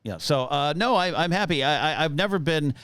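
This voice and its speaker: A man's voice: a little high, expressive, a little fast, fairly bright tone, clear, resonant tone. Dry, self-deprecating middle-aged man. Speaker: guest. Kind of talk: casual chat.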